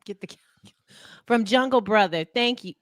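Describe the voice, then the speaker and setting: A woman with a slightly high voice co-hosts a casual sports talk show and reads out viewer shout-outs. She keeps things upbeat with teasing asides, and her voice sounds dry and close. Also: unhurried, dry recording. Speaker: co-host reading viewer donations.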